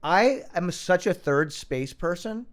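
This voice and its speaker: A man in his thirties, a podcast guest, telling a long story in a casual, animated way with lots of fillers. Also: high voice, takes it slowly. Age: 30s. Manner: animated anecdote, fillers and acted-out quotes.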